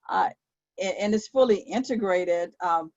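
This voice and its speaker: A woman's voice: mid-range voice, darkish tone, dry recording, muffled recording. A woman court clerk moderating a webinar, reading out questions and answering them with frequent ums and uhs. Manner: reads out questions, then answers with many fillers. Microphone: video call.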